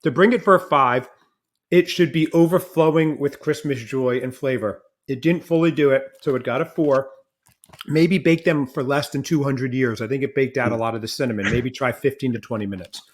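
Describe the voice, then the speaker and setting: A man's voice: medium pitch, brisk, darkish tone. A man hosting a podcast taste test in casual chat, joking and thinking aloud as he tastes. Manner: chatty, jokey, thinks aloud while tasting. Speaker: podcast host.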